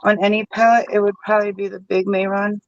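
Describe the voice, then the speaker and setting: High-pitched chatty man. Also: flat delivery, fast, dry recording, highs cut off. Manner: chatty, rambling, filler-heavy. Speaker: face painter. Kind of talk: casual chat while face painting.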